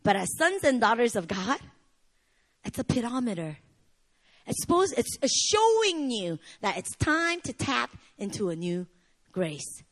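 A woman in her thirties delivers a sermon with a high voice. Her pitch moves widely from phrase to phrase. She swings between emphatic, near-shouted lines and quiet, low asides. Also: very animated, measured pace. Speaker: pastor.

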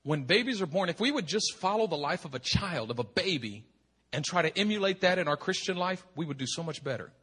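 A middle-aged male pastor preaching a sermon with impassioned emphasis, swinging from hushed tones to shouting and repeating words for effect. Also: fairly high pitch, animated, brisk, husky. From United States.

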